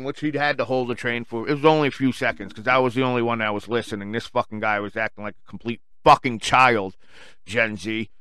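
Bright, crisp-voiced man ranting. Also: mid-range voice, fairly even intonation, fast talker, dry recording. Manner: heated, swearing, insulting. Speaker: storyteller. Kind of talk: profane storytime rant.

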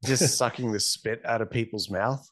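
A man in his thirties and a father, talking in casual podcast chat with blunt, profane, deadpan remarks. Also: mid-range voice, normal speed. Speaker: podcast co-host.

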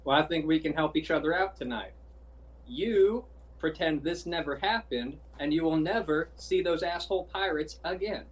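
A man's voice: a little high, normal speed, lightly acted. A man playing a flowery, courteous adventurer. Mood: smooth. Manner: formal, flowery, polite. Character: courteous, wordy male adventurer negotiator. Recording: distant mic.

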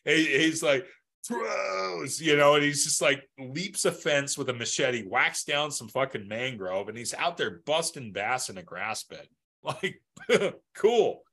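A man's voice: mid-range voice, lively intonation, a little slow, pushed and bright. A man co-hosting a podcast in loose, profane casual chat, laughing often and stumbling over restarts. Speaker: podcast co-host.

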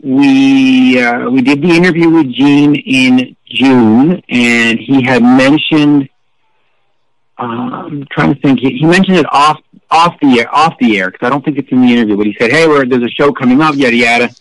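Animated, salty-tongued middle-aged man. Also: mid-range voice, a little slow, no room sound, rough recording. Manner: animated, profane, snarky anecdotes. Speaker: rock journalist guest. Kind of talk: casual interview storytelling.

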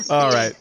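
A man's voice: on the high side, a bit bright. A man hosting a casual podcast, reading out chat comments, rambling and laughing often.

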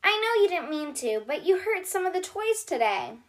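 A woman's voice: very high voice, very animated, moderate pace, pitched above the performer's own voice. Woman doing a caring little girl doctor. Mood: cheery. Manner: bright, kind, reassuring. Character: cheerful, caring young girl toy doctor. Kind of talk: storybook read-aloud for kids.

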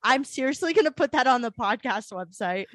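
Animated Southern-raised woman podcaster. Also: fairly high pitch, fairly quick, no echo, clean studio sound. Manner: animated, swearing, laughing storyteller. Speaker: podcast host. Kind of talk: casual chat.

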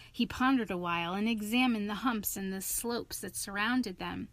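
A woman reading a storybook aloud in a steady, even narrating manner. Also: mid-range voice, moderate pace, few pauses, dry recording.

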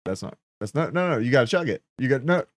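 A man's voice: medium pitch, animated, quick pace. A man co-hosting a casual comedy podcast, teasing his partner, laughing often and swearing casually. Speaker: podcast co-host.

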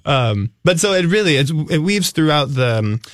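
A man with a Minnesota accent, a stage actor chatting as a radio guest in an animated, playful way. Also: on the high side, normal speed, no room sound, clean studio sound. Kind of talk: casual radio interview.

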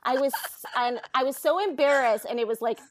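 A woman in her thirties telling a story in casual chat, animated and exasperated, swearing and cutting herself off. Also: high voice, a little fast, no room sound, clean studio sound.

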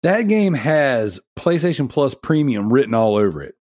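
A man's voice: medium pitch, very animated, moderate pace, darkish tone, dry recording. A man in his thirties hosting a casual gaming podcast, chatty and rambling, laughing often. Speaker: podcast host.

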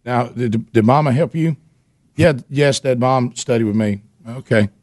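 A man hosting a radio show, telling a story in a casual, animated way with laughter and repeated words. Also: medium pitch, unhurried, no echo, clean studio sound.

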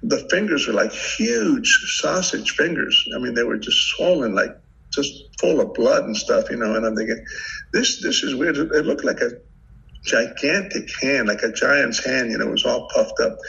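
Older male podcast guest, gravelly and forceful, animated storyteller; muffled lo-fi recording. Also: mid-range voice, normal speed. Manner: vivid, animated retelling with many restarts. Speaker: podcast guest, retired FBI agent. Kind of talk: casual storytelling interview. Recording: dull lo-fi audio.

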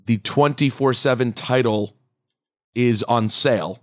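A man's voice: mid-range voice, a little slow, dry recording, studio quality. A man co-hosting a podcast, telling a funny story in casual chat and acting out what others said. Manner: animated storyteller, acts out quotes. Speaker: podcast co-host.

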